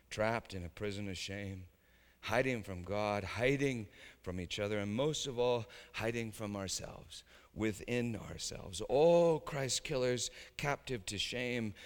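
A man preaching a sermon dramatically, swinging from hushed lines to shouting. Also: lowish voice, a little slow. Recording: reverberant hall.

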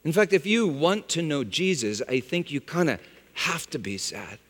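A man preaching a sermon, swinging from loud exclamations to hushed, low phrases. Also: expressive, normal speed. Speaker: pastor. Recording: long hall reverb.

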